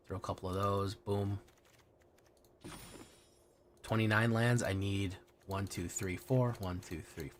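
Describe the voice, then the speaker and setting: A man's voice: lowish voice, fairly bright tone, slight background noise. Casual, profane man streaming to chat. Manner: casual and profane, restarts a lot.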